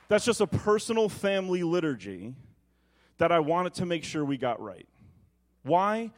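Preaching a sermon built around a personal story, this pastor in his thirties drops low and soft when reflecting and rises loud and high telling a family story. He's animated, with lively pitch, at a moderate pace.

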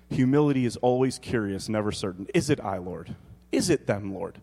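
A man in his thirties preaching a sermon, animated and joking, dropping to quiet emphasis and rising to loud exclaims. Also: lowish voice, a little fast. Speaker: pastor. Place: church hall. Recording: long hall reverb.

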